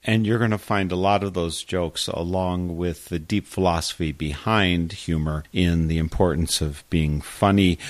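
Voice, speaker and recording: A deep, low male voice that leads the conversation with easy, relaxed questions. He is an interviewer host, heard close and dry with no room sound. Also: no echo.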